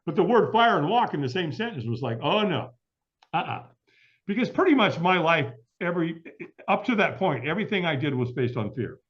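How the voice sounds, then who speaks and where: A man's voice: fairly high pitch, very animated, fairly quick. A middle-aged man telling a long story as an interview guest, acting out the voices of the people in it. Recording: dull lo-fi audio.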